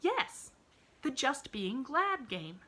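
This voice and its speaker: Woman reader voicing a girl, maybe ten: high, sparkly, breathless, bubbly, up-and-down delivery. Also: big pitch swings, takes it slowly, a bit bright, full character voice. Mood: cheerful. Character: cheerful eager little girl, chatty and bright.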